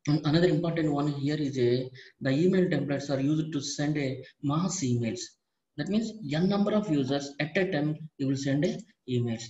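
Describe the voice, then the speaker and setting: A man teaching a step-by-step software tutorial, often repeating and restarting his phrases as he explains. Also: fairly high pitch. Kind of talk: screen-recorded software tutorial. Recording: echoey room, dull lo-fi audio.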